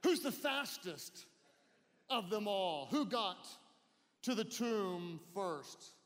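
A man preaching a sermon in an animated way, leading his listeners in call-and-response. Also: high-pitched, slow. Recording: long hall reverb.

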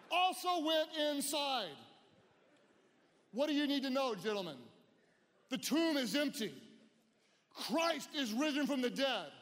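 An animated male preacher delivers a sermon and draws his listeners into call-and-response. His voice sits high, and a long reverb hangs after his words in a large church hall.

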